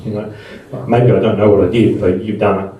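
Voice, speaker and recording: A man's voice: fairly low pitch, little pitch movement, fairly quick, phone-quality sound, a little hiss or hum. A middle-aged man giving a conversational, anecdote-filled talk to a live audience in a room at a Buddhist seminar. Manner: conversational and anecdotal, with frequent restarts. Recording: very echoey room, voice from far off.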